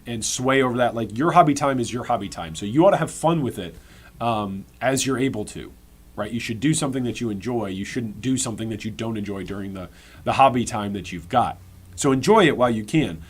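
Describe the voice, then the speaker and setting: Speaking with a medium pitch and a breathy edge, an American man streams live while reacting to game patch notes. He addresses his chat straight on, rambling and repeating or restarting words as he works his way through a point.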